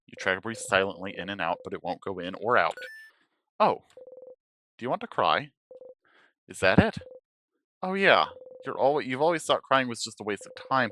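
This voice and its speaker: A man with a low voice reads a game's narration on stream with shifting expression. He drops to hushed lines, then bursts loud. A faint hiss runs underneath. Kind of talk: reading a game's narration aloud.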